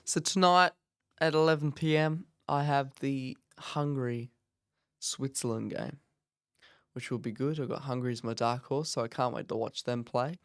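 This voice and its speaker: A man talks through a match in a loose, rambling way, with sudden excited bursts. His voice is smooth and resonant. The sound is close and dry, with no room echo. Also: mid-range voice, normal speed. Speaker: watch-along host. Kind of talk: casual live match commentary. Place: office.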